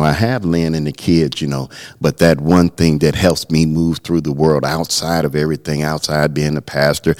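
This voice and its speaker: A man's voice: a bass voice, a little mellow. A middle-aged man, a pastor co-hosting a podcast, talking earnestly and telling a personal story, often restarting his words. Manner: earnest, storytelling, repeats words when starting. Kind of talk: casual podcast conversation.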